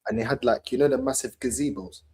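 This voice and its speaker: A man's voice: medium pitch, fast talker, warm tone, breathy edge, no room sound, rough recording. A man hosting a live stream, telling stories in a laid-back chatty way with London slang. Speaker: channel host. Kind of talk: casual chat on a live stream.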